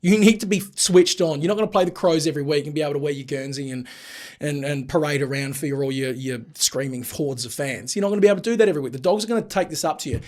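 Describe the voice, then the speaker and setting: A man with an Australian accent co-hosting a casual sports podcast, animated and joking, often restarting his sentences. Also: a little high, quick pace. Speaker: podcast co-host.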